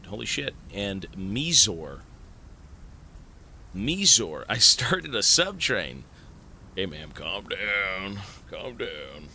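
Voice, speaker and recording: A man streaming live, thanking viewers for gifts in an excitable, swearing, disbelieving way. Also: fairly low pitch, slight background noise. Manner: excitable, swears a lot, stunned outbursts.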